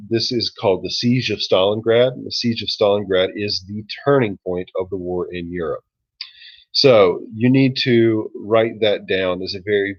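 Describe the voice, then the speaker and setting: A low-pitched man lecturing his history class, loose and joking, filling his pauses with ums and uhs. The recording is dull and lo-fi. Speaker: history teacher.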